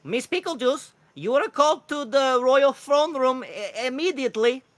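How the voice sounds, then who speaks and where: A man voicing a male blue kookaburra bard messenger in a tabletop game, speaking in a high, drawn-out, fussy way. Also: animated, fairly bright tone, dry recording. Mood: announcing.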